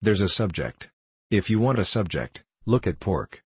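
A pompous, self-satisfied older uncle who pronounces every platitude as if it were wisdom, as a man reading a storybook puts him on. The voice sits low and a little husky, in a dry, close reading. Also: big pitch swings, normal speed, a little mellow, dry recording, full character voice. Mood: pontificating.

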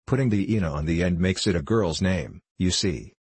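A man with a low, husky voice reading the lines of an earnest, prim young farm girl in an audiobook story. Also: moderate pace, darkish tone, no echo.

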